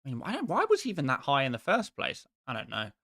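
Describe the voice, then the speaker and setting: A man's voice: medium pitch, wildly swooping pitch, fast talker, a bit bright, no room sound, studio quality. A man hosting a live stream who chats casually with his viewers in a rambling, exasperated and self-mocking way.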